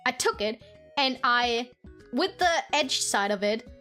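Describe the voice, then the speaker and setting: A woman streamer telling childhood stories to her chat, swearing freely, laughing often and mimicking family members in squeaky voices. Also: lively intonation, a little slow, sharp tone, soft background music. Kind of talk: casual storytelling chat with viewers.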